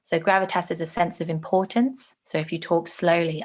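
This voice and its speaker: A woman gives an online lesson in a slightly low voice with a gravelly edge. She explains at length, leaning on plenty of fillers as she goes. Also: level tone, normal speed. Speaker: teacher.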